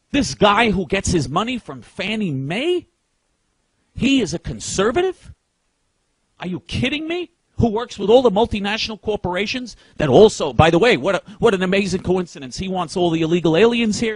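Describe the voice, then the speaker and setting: Indignant man with a high voice. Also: expressive, fairly quick, slightly rough, no echo. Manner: indignant, emphatic, repeats words when worked up. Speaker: political commentator. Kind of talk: heated political rant.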